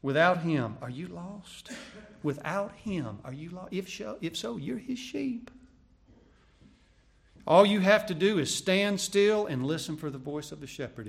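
Gravelly preacher swinging from hush to shout. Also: male voice, on the high side. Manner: dramatic, swings from hushed to shouting, repeats phrases. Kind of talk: sermon.

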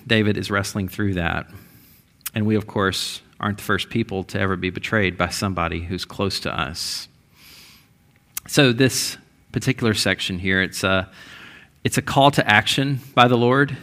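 A man's voice: lowish voice, bright, forceful tone. A male pastor giving a conversational sermon, with frequent restarts and rising, emphatic stretches.

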